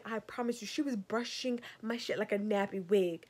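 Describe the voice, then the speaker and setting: A woman's voice: medium pitch, normal speed, a little mellow, slightly rough. A young woman rants through a storytime for her vlog. She keeps calling her viewers y'all and sounds exasperated as she tells it. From Savannah, Georgia. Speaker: vlogger. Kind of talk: storytime rant.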